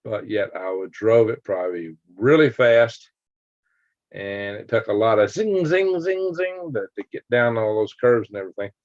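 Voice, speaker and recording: Here a man from Alabama speaks at a normal pace in a fairly low voice, hosting a laid-back live stream and rambling through stories with chuckles and sound effects for his viewers. There's no echo on the dry, dull, lo-fi home audio.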